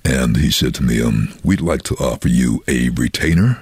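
A man's voice: moderate pace, darkish tone, no room sound. A man who is a voiceover artist and former train driver, telling anecdotes in an interview and acting out the voices of people in them. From London. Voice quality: very deep, husky. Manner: storytelling, acts out quoted voices.

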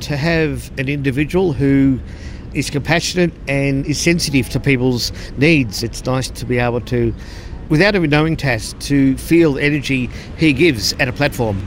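Commuter guy giving a quick sincere comment, kinda halting, outside at a station with faint noise. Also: mid-range voice. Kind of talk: casual interview comment.

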